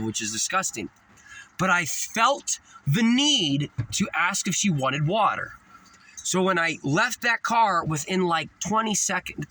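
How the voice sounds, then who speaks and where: A man's voice: fairly high pitch, sharp tone, a little hiss or hum, poor audio. A man telling a rambling spiritual story to camera, cussing now and then and acting out the people in it. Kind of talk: rambling first-person storytelling.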